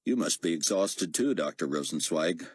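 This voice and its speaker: A man voicing a calm, courteous captain who speaks in a measured way. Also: deep voice, breathy edge, no echo, clean studio sound. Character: calm, steady American male captain.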